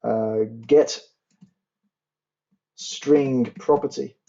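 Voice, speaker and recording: A young man tutors a programming class, talking through each line of code as he types it and slowing down to spell out syntax. His voice is mellow and dark. The recording sounds dull and lo-fi, with keyboard typing and clicking behind him. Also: mid-range voice, fairly even intonation, gravelly. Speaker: university tutor. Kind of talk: coding tutorial.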